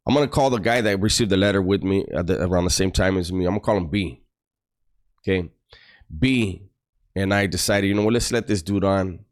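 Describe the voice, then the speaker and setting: A man tells his story in a slightly low voice. He talks bluntly and casually, with a streetwise, profane edge. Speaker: former prisoner telling his story.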